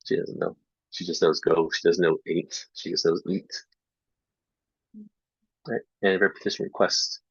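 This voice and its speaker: A man giving a casual online lesson on speaking feedback, talking in a relaxed way with lots of fillers and repeating student errors to demonstrate them. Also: low-pitched, measured pace, gravelly, long pauses, slightly rough, no room sound. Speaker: English teacher trainer. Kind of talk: casual online teaching talk. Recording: dull lo-fi dry online recording.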